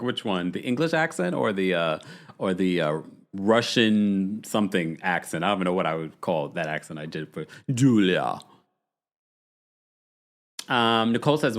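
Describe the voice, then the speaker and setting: A man hosting a reality TV recap show in casual chat, reading viewer comments aloud and reacting with lively, swooping enthusiasm. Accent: New York. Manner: animated, swings up high when amused. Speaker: podcast host.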